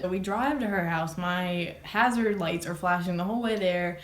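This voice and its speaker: A woman's voice: lowish voice, fairly quick, few pauses. A young adult woman casually telling a dramatic personal story on her vlog, swearing, laughing and exaggerating as she goes. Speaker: vlogger. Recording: echoey room.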